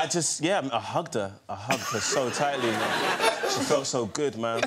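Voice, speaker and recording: A young man telling an excited story as a chat show guest, stumbling and repeating himself. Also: mid-range voice, normal speed. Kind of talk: excited anecdote. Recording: loud background noise.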